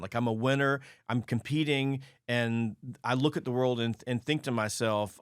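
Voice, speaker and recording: A man's voice: mid-range voice, normal speed, hardly any pauses, smooth, no echo, studio quality. A middle-aged man hosting a sales podcast, speaking emphatically like a coach and repeating phrases for effect. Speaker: podcast host. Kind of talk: casual interview talk.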